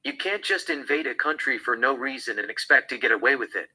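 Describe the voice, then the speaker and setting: A man voicing an outspoken female TV news reporter, reading in a flat, even script delivery. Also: medium pitch, a little fast, husky, low-quality recording.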